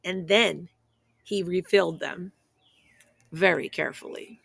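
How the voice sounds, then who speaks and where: A woman reading a children's picture book aloud in a playful, expressive way, speaking straight to young listeners. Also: on the low side, unhurried, creaky, breathy edge, dry recording. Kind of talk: children's story read-aloud.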